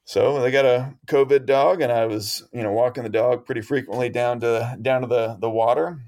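A man's voice: medium pitch, steady tone, normal speed, a little mellow. A man telling a long story as an interview guest, rambling with many fillers and laughing often.

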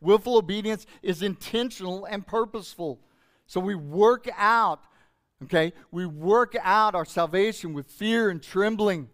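Emphatic preaching man, fairly high voice. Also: a little slow, fairly bright tone. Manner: emotional, emphatic preaching with rising and falling delivery. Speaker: pastor. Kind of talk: sermon.

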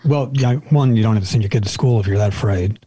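A man answering as a podcast debate panelist in a calm, matter-of-fact way. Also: fairly low pitch, fast, husky, no room sound.

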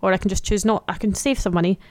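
A woman's voice: medium pitch, fairly even intonation, fast talker, dry recording. Woman chatting, jokey and playful, tossing out guesses. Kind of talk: casual chat.

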